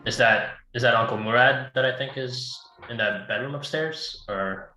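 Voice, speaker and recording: Bright-voiced man in a roomy space. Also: medium pitch, normal speed, faint music behind. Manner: questioning, easygoing. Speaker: player. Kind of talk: casual tabletop game chat.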